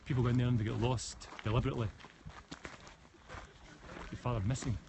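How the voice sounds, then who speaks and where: Holding his phone on a mountain forest path, a Scottish host with a west of Scotland accent talks fairly quickly in a medium, fairly even voice. He answers comments chattily, often restarting, and noise is clearly audible behind him.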